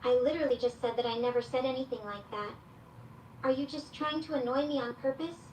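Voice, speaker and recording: A woman's voice: fairly high pitch, fairly even intonation, fairly quick, slight background noise, natural voice. A woman voicing a female AI chatbot companion who reads out her own stage directions before each reply. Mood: exasperated. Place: played through a speaker in a room, picked up by a security camera. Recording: echoey speaker audio caught from far off.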